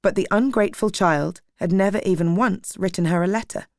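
A woman reading a novel aloud in a steady, measured audiobook style. Her voice sits fairly low, and the recording is dry and close, with no room sound. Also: vocal fry, no echo. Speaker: narrator. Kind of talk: scripted audiobook narration.

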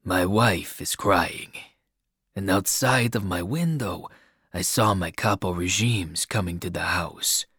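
A man voicing an aging male crime boss who speaks in a slow, grave, measured way. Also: low voice, fairly bright tone, breathy edge, dry recording, studio quality, exaggerated voice. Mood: grave, probing.

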